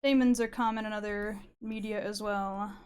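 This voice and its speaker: A woman's voice: mid-range voice, steady tone, normal speed, darkish tone, smooth. A woman in casual chat on a stream, playful and joking, laughing often. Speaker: streamer co-host.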